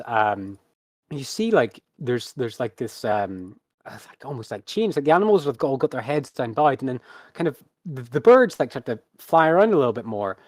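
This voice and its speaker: A man narrating a tabletop game as game master, halting and full of fillers. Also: medium pitch, no room sound.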